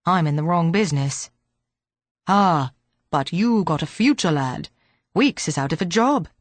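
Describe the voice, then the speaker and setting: A woman voicing a wry, cheerful police sergeant, pushing her voice low and gruff to play a man. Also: animated, measured pace, no room sound.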